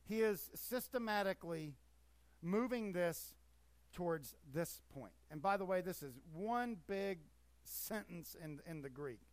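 A man preaching from the pulpit, pressing his points with emphatic, swelling force. His voice sits a bit above the usual pitch for a man. The sound is close and dry, with no room around it. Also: lively intonation, a little slow, dry recording. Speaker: pastor. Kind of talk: sermon.

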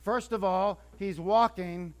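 Slow and high-voiced, a man preaches a sermon, acting out scenes and keeping the storytelling lively and conversational. A few stumbles and restarts slip in.

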